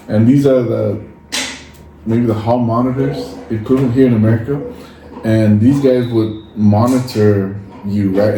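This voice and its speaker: With a fairly low voice, this podcast co-host from Samoa, a first-language Samoan speaker, trades stories in a casual chat, animatedly acting out the lines he quotes. His distant mic picks up an echoey room and faint noise.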